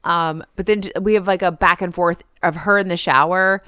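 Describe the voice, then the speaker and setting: A woman's voice: lowish voice, steady tone, moderate pace, pushed and bright, smooth, dry recording, clean studio sound. A woman co-hosting a podcast, chatting casually and laughing as she recaps a film, with "like" in almost every sentence. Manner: chatty, giggly, peppered with "like". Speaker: podcast co-host.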